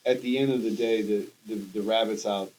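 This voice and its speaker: A man co-hosting a podcast, talking in an animated, rambling way with lots of restarts and casual slang. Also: fairly low pitch, brisk, slight background noise, poor audio. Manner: animated, rambling with restarts, says bro and dude. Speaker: podcast co-host. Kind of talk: casual chat.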